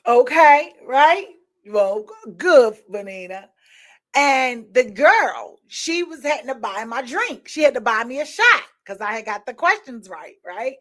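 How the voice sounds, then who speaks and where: A woman hosting a candid talk show, telling stories in an animated way and often asking listeners "right?". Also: on the high side, a little slow. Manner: animated storytelling, frequent rhetorical "right?" and laughter. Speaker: podcast host. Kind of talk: candid opinion talk addressing viewers.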